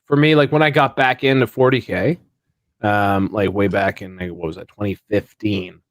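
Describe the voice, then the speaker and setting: A man's voice: on the low side, steady tone, normal speed, no room sound. A man co-hosting a podcast in casual chat, rambling with many fillers and restarts. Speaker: podcast co-host.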